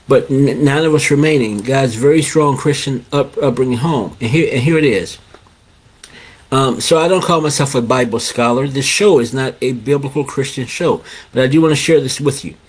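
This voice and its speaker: Middle-aged male host, husky, loose repetitive live-stream delivery. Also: mid-range voice. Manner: repetitive, restarts phrases, addresses "guys". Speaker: show host. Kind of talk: casual live-stream talk.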